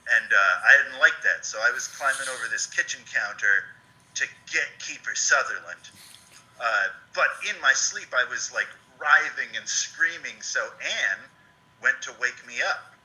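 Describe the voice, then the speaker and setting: Male co-host, comic storyteller, bright lively voice. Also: medium pitch, normal speed, rough recording. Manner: animated storyteller, jokey exaggeration. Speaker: podcast co-host. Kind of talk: casual chat.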